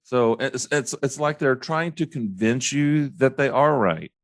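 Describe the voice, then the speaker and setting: A man hosting his own show, ranting casually about overused phrases, stumbling and restarting often and mimicking others in a high mocking tone. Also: dry recording, studio quality. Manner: halting restarts, repeats words. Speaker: podcast host. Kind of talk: casual solo rant.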